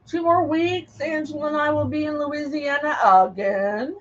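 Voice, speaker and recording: A woman's voice: sits high, normal speed, dull audio. A woman hosting a craft livestream, chatting in a rambling way and greeting viewers by name as she works. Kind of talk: casual live chat while crafting.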